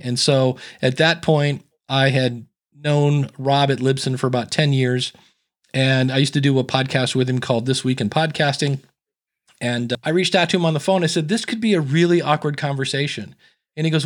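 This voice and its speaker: A man's voice: medium pitch, normal speed. A man from Ohio, a podcast guest with a resonant radio-style voice, chatting and telling stories, acting out quoted lines. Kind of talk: casual interview storytelling.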